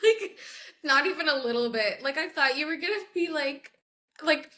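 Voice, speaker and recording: A woman's voice: sits high, expressive, moderate pace, pushed and bright. A woman guest in casual podcast chat, who laughs a lot and echoes the host's words back.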